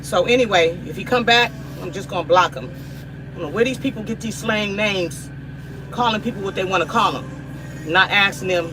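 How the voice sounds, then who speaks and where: A woman's voice: medium pitch, moderate pace, noisy background. A middle-aged woman from the United States, hosting a cooking live stream and talking to viewers in an emphatic, repetitive, preachy way. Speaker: livestream cooking host.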